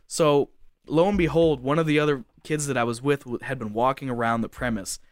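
A man's voice: mid-range voice, fairly even intonation, fairly quick, dry recording, clean studio sound. A young man telling a casual story at length, rambling with lots of fillers like "like". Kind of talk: casual anecdote.

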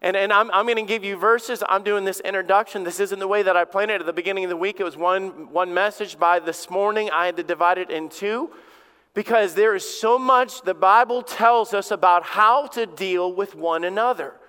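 A middle-aged man with a Southern American accent preaching a sermon in a folksy, storytelling way, with sudden animated bursts. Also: high voice, normal speed, clear, resonant tone. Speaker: pastor. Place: church sanctuary. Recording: long reverb of a big hall.

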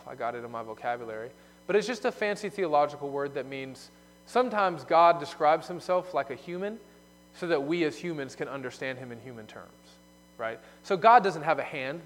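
Preaching man in a reverberant hall. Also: on the high side. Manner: explanatory preaching, shifting from loud emphasis to hushed asides. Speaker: pastor. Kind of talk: sermon.

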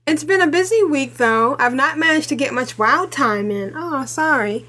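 A woman's voice: high-pitched, lively intonation, moderate pace, pushed and bright. A woman hosting a gaming podcast, chatty and laughing often in casual conversation. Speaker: podcast host. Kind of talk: casual chat.

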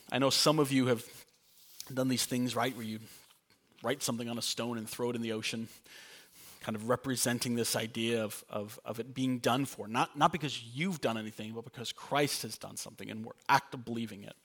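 Young male pastor, sermon delivery, earnest and chatty with light humor, middle pitch. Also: steady tone, fairly quick, fairly bright tone. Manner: earnest, conversational, with playful asides.

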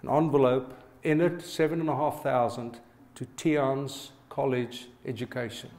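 Brief: middle-aged pastor, male, mid-pitched, storytelling sermon that keeps checking in with the congregation. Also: measured pace, a little mellow. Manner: personal storytelling, asks the audience to respond.

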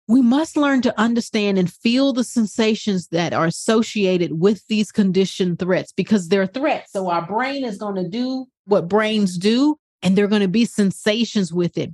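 A woman coach leads a masterclass in a relaxed, conversational way, tossing in "right?" and briefly acting out inner voices. Her voice sits a little low. The recording is close and dry, with no room sound. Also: no echo. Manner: conversational, often adds "right?" as a check-in; acts out inner voices in quick quoted asides.

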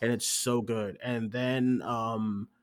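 A man with a medium-pitched, slow voice co-hosts a casual movie reaction show, recounting his trip to the theater with lots of energy. He's an animated storyteller who acts out quotes, swears, and laughs often.

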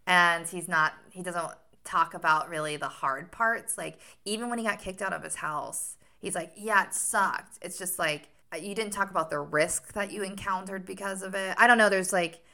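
A young woman co-hosting a casual book-discussion podcast, chatty and animated, with many likes and restarts. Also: fairly low pitch, moderate pace, gravelly, few pauses. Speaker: podcast co-host.

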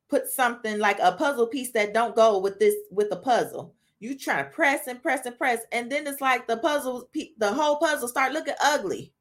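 A woman's voice: a little high, fairly bright tone. A woman hosting a podcast who gives a casual devotional talk to women. She speaks earnestly and conversationally, and often ends sentences with "right?" and "you know?". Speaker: podcast host.

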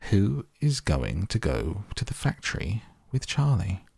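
A man's voice: fairly low pitch, sing-song, measured pace, vocal fry, a little mellow, husky, dry recording, clean studio sound, full character voice. A man voicing a middle-aged mother, fussy yet kind, in a raised, fluttering voice. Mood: excited.

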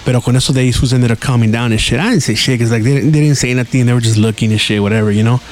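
A man's voice: mid-range voice, steady tone, racing, a little mellow, a little hiss or hum. A man hosting a podcast, telling stories in a casual solo style, swearing freely and dropping Spanish words into his talk. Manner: profane, slangy, drops Spanish words. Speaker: podcast host.

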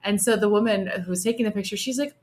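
A woman's voice: mid-range voice, fast, a little mellow. A woman co-hosting a podcast in casual chat, supportive and easygoing. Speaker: podcast co-host.

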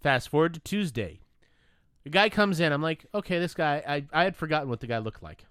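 Animated high-voiced man telling a story. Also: fairly quick, clear, resonant tone, no echo, clean studio sound. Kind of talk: casual chat.

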